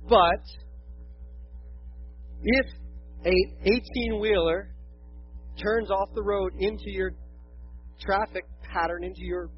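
High-voiced man preaching a casual sermon. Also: highs cut off, a little hiss or hum. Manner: conversational, self-deprecating, acts out quotes. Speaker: pastor.

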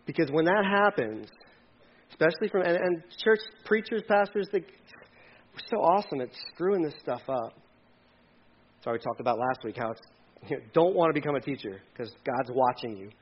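A man preaching a sermon in an animated way, acting out voices with sudden jumps in pitch. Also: normal speed, breathy edge, lo-fi sound. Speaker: pastor.

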